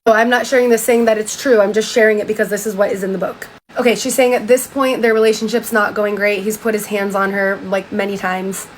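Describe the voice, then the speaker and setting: A woman's voice: mid-range voice, level tone, brisk, hardly any pauses, a little hiss or hum, low-quality recording. A woman casually retelling a book and commenting on it in a chatty, slangy style, with frequent "like"s and swearing. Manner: slangy, profane, chatty with many "like"s. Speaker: commentary vlogger.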